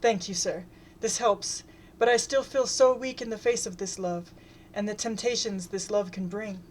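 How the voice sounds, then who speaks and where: Shy nervous young guy in love, woman voicing him, meek and halting, faint hum. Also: mid-range voice, close to an everyday voice, low-quality recording. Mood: timid. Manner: meek, hesitant. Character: timid lovestruck young man, shy and nervous.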